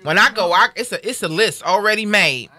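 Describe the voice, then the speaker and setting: A woman's voice: medium pitch, animated, fairly quick, bright, forceful tone. A middle-aged woman hosting a casual talk show, speaking emphatically and from the heart, repeating phrases for weight. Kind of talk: casual chat.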